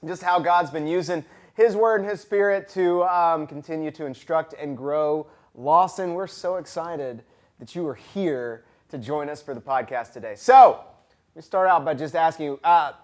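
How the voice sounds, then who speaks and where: A man hosting a school podcast, upbeat and chatty and quick to laugh. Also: on the high side. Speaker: school ministry director and podcast host. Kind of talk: casual interview.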